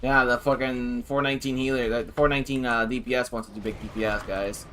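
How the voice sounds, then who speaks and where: Bright-voiced male game streamer. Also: medium pitch, fairly even intonation, fast, a little hiss or hum. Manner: casual, swearing, exasperated. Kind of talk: live gameplay commentary.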